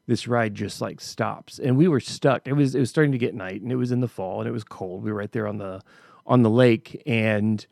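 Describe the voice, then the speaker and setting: Middle-aged male podcast host, gravelly voice, casual storytelling monologue, dry close recording. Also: fairly low pitch, brisk, darkish tone, dry recording. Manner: conversational storytelling with frequent restarts.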